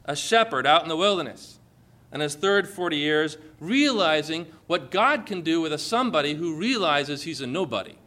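A man preaching a lively sermon to his church, often questioning the congregation and acting out the voices of Bible figures. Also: sits high. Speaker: pastor.

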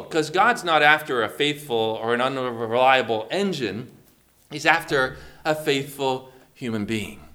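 A man's voice: on the high side, pushed and bright. A male pastor preaching a sermon, asking the congregation questions and calling on members by name.

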